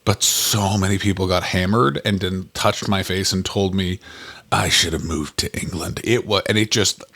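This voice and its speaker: Lowish-voiced guy on a comedy podcast, talks fast and rambly, keeps jumping up high when he gets worked up. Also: vocal fry. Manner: excitable, rambling, swears, voice jumps up high. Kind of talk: casual chat.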